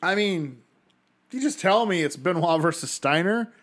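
A man's voice: high voice, lively intonation, a little slow, a bit bright. A man co-hosting a podcast, making jokes and riffing in casual chat. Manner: jokey, riffs with wrestler catchphrases. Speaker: podcast co-host.

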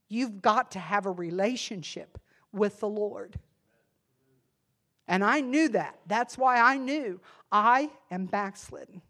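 A woman preaching a sermon, impassioned, swinging from hushed confession to loud emphasis. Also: mid-range voice, takes it slowly. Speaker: church speaker.

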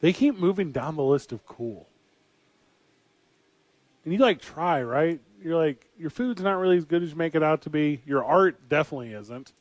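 A man's voice: on the high side, animated, moderate pace, no room sound. A man co-hosting a casual sports chat, joking and rambling with lots of fillers. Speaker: podcast co-host.

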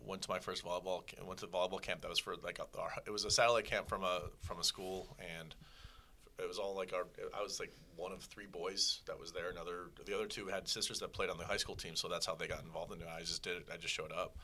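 A man in his thirties, a volleyball head coach guesting on a podcast, telling animated stories in casual interview chat. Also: low voice. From Chicago, raised in Las Vegas. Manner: fast, animated storyteller, quick asides.

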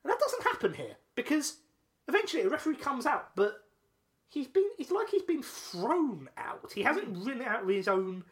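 A man co-hosting a podcast, telling a long story in casual chat, excitable and full of restarts and laughs. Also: extremely high pitch, moderate pace. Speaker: podcast co-host.

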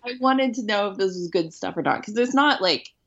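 A woman's voice: mid-range voice, lively intonation, fairly quick, muffled recording, crowd noise. A woman in her late thirties from Houston, chatting casually as a podcast host in a wry, self-mocking way with plenty of ums and likes. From Houston, United States. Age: late 30s. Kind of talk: casual chat.

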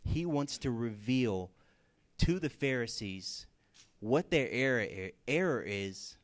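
A man preaching a sermon in a casual way, telling stories with lively bursts and everyday fillers. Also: mid-range voice, slow. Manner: casual, animated storytelling with fillers. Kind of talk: sermon with storytelling.

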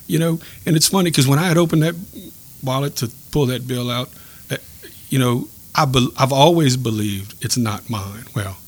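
A man sharing a personal faith story in a podcast chat, earnest and reflective, pausing and restarting as he speaks. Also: mid-range voice, breathy edge. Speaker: guest telling a faith story.

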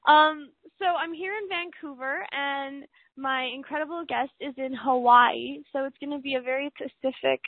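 A woman hosts a talk show with a somewhat high voice that is a little hoarse today. She rambles with many fillers and restarts. The sound is dry and narrow, like a telephone line. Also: fairly even intonation, normal speed, dry recording. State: slightly hoarse, deep yet squeaky voice. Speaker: radio show host. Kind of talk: casual talk show chat. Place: home in a city high-rise.

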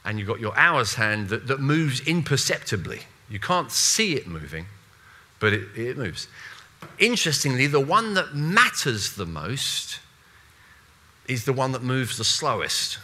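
A man preaching a sermon in a conversational, animated way, with playful asides and voiced quotes. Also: mid-range voice, a little slow.

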